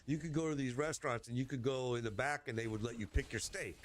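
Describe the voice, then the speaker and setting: A man telling a rambling, animated story in casual chat while gaming, swearing casually along the way. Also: medium pitch, fast, a little hiss or hum.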